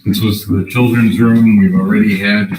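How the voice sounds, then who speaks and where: A man's voice: on the low side, flat delivery, moderate pace, a little mellow. A man who is a paranormal investigator, enthusiastically explaining what happened in a room. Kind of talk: tour explanation. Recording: echoey room, faint noise.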